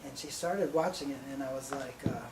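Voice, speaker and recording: Rambling deadpan man doing stand-up. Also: mid-range voice, fairly quick, background noise. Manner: rambling, deadpan, breaks into laughter. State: sleep-deprived. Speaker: stand-up comedian. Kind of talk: live stand-up storytelling. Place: small live venue. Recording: echoey room from far off.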